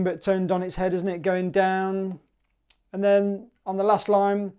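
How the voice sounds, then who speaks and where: A man with a British accent teaching a clarinet piece in a relaxed, chatty way, sometimes singing the rhythms in syllables. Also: sits high, unhurried, dull audio, soft background music. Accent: British English. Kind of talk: relaxed music tutorial.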